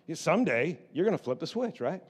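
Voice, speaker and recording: A middle-aged man preaching a sermon in church, stammering through restarts and moving between quiet storytelling and loud exhortation. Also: a little high, very animated, brisk, breathy edge. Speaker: pastor.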